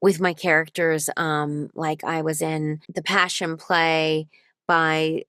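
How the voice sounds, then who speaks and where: A woman voice actor speaking as an interview guest, telling stories in an animated, thoughtful way. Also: low-pitched, takes it slowly, clean tone, no echo, studio quality. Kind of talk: casual interview chat.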